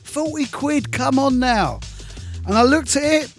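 A DJ in his fifties with a high-pitched voice, rattling through shout-outs and yarns in breezy slang. He sounds like a live radio host telling a story. Faint music plays behind him. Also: animated, measured pace. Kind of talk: live radio show chat.

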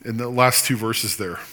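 A male pastor preaching with a bright, forceful voice that swings from loud emphatic scripture to quieter explaining. His sermon rings out with a long hall reverb. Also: mid-range voice. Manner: impassioned preaching, reading scripture aloud with teaching asides.

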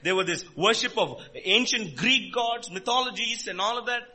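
A man preaching a sermon, emphatic and full of rhetorical questions, swinging between loud and quiet. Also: high voice, normal speed. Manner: emphatic, rhetorical questions, rises and drops in volume.

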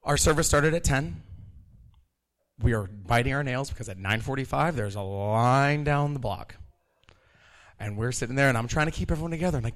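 An animated man in his thirties tells a story live, laughing often and acting out the voices of the people in it. His voice sits at an everyday middle pitch. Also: brisk. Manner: animated, laughing, acts out quotes. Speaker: storyteller, kitchen manager.

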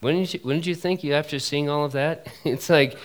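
A man in his thirties preaching a sermon at a conference, animated and chatty with asides to the listeners. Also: a little high, moderate pace. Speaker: pastor. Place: conference hall.

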